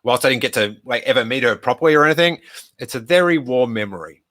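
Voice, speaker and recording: Bright-voiced man telling a story. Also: medium pitch, animated, fast. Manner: chatty, rambling anecdote with many "like" fillers. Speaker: podcast host. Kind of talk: live stream Q&A storytelling.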